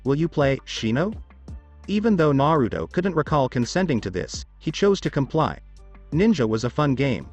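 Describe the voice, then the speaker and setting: A man's voice: on the high side, very animated, normal speed, lo-fi sound, soft background music. A man reading a story as scripted narration, with small shifts of voice for quoted children.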